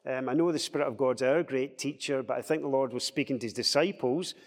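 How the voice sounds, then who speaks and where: A man leading a Bible study discussion, explaining scripture with lively acted-out quotes. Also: mid-range voice, fast, big-room sound. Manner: animated, acts out quoted speech in a raised voice.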